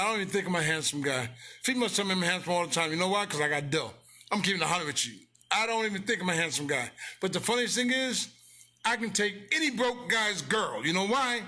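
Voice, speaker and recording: A man's voice: high-pitched, animated, a little fast, pushed and bright. A man in a blunt, casual motivational rant, preachy and repeating his lines for emphasis, speaking close to the mic. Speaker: business owner promoting his company.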